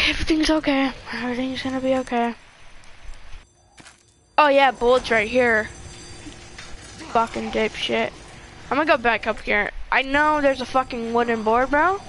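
A woman's voice: fairly high pitch, a bit bright, a little hiss or hum. A young woman giving gameplay commentary, swearing constantly and talking to herself and the screen. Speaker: gamer.

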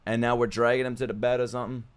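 A man hosting a reaction video, excitable, laughing often and swearing freely as he comments. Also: mid-range voice, rapid-fire, clear, resonant tone. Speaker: reaction channel host.

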